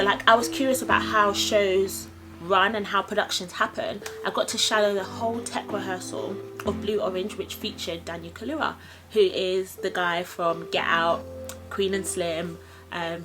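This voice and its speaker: Twenties woman, chatty animated vlogger, music bed. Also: mid-range voice, poor audio. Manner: animated, acts out quoted voices. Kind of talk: casual storytelling to camera.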